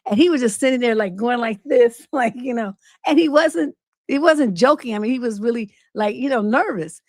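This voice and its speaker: Blunt, profane woman coach, high voice. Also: normal speed, no room sound, studio quality. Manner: blunt, profane, animated storytelling. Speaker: relationship coach and livestream host. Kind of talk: unscripted advice livestream.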